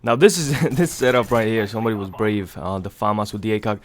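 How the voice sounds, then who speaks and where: A young man with a stuffy nose from a cold, giving rambling, casual gameplay commentary in a hushed low voice so he won't wake anyone at home. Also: fast, a little hiss or hum. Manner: hushed low voice to avoid waking others; rambling, many fillers, swears casually. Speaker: gaming channel host. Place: home, early morning.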